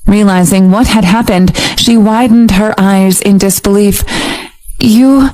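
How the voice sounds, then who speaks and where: Woman audiobook narrator, steady storytelling, mid pitch. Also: normal speed, low-quality recording. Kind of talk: scripted narration.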